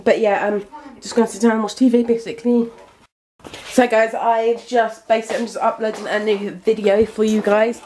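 A woman's voice: on the high side, little pitch movement, normal speed, a little mellow, a little hiss or hum. A woman in her twenties from the UK, chatting casually to her viewers while filming at home. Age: 20s. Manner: chatty and rambling, addressing viewers directly. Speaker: vlogger. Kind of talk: casual vlog chat. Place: at home indoors.

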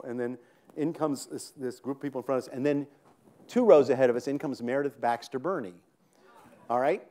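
A man's voice: medium pitch, a little mellow. A man in his sixties from New York State, an author telling rambling, self-interrupting comic stories on a theater stage and laughing at his own punchlines. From New York State, USA. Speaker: author guest. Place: theater stage before an audience.

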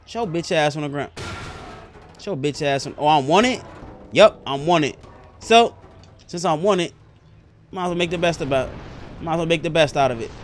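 A young man with a strong New York accent talks in a high, bright register. His banter is brash, streetwise and full of swearing, like live roleplay chat on a stream. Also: normal speed, long pauses, a little hiss or hum. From New York area and New Jersey. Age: young adult. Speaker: streamer playing a roleplay game.

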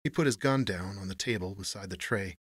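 A man narrating a noir story in a measured storytelling manner. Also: low voice, husky, no echo, clean studio sound.

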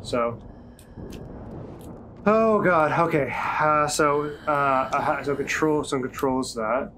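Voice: medium pitch, slow, crowd noise. A let's play gamer giving frantic, swearing, self-mocking commentary while playing. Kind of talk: casual gameplay commentary. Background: game music.

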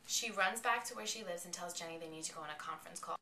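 A woman giving a chatty, excited recap of a television episode. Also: fairly low pitch, fast talker. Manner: excitable, chatty retelling with quoted lines. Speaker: vlogger reviewing an episode. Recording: echoey room, mic at a distance.

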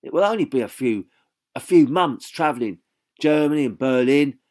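Gentle reassuring husband, as the narrator puts him on, calm and kind, audiobook. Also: male voice, mid-range voice, normal speed, pitched above the performer's own voice, natural voice.

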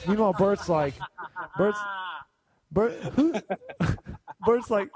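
Male podcast host, casual chat, fairly high voice, rambling excited storyteller, swears a lot. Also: slow, pauses often, husky, soft background music. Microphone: video call setup.

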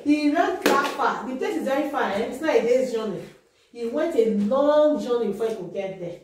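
A woman telling a Bible story to children in a lively way, often checking that her listeners understand. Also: on the high side, moderate pace. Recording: very echoey room, distant mic, noise.

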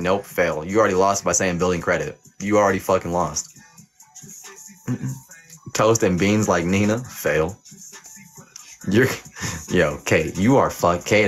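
A man's voice: low-pitched, normal speed, faint music behind. A young man hosting a livestream, playing a mock teacher who reads chat and hands out teasing, profane pass-or-fail verdicts. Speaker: livestream host. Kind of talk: playful mock teacher reading live chat.

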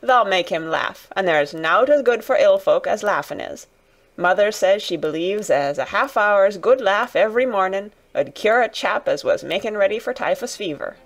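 A woman's voice: medium pitch, lively intonation, moderate pace. Woman playing a cheerful country boy, Yorkshire accent, chuckling, easy. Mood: amused. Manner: warm chuckling dialect. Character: cheerful country boy who loves animals.

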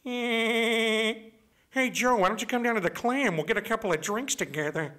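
A goofy, loud-mouthed cartoon dad drawls in a dopey, slightly raised voice, put on by a man. He sounds pleased with himself and a little dim. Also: sits high, unhurried.

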